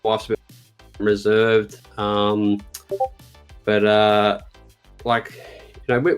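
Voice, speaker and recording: A man's voice: fairly low pitch, monotone, slow pace, clean tone, soft background music. A man speaking as a guest in a casual chat, hesitant and full of fillers.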